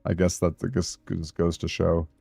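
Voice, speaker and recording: A man's voice: sits low, completely flat delivery, normal speed, vocal fry, warm tone, no room sound, faint music behind. A man with a Southern Californian accent, chatting in a rambling, casual way with his live-stream audience while he plays a game. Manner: chatty, rambling, answers chat aloud.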